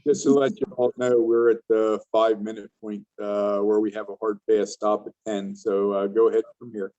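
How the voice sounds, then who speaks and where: A man moderating a video class, brisk and direct, over a video call. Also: lowish voice, flat delivery, dark tone. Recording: dull lo-fi video call audio.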